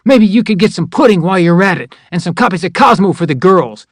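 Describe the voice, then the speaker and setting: A man voicing a furious male army drill sergeant who barks sarcastic, profane orders in a raised, higher voice. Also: animated, fast talker, no room sound, clean studio sound. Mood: livid, barking.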